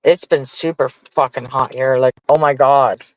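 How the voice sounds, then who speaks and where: A man's voice: medium pitch, fairly even intonation, a little slow. Exasperated, swearing man with a dull lo-fi sound. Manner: profane, exasperated ranting. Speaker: livestreamer talking to chat. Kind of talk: casual venting to viewers.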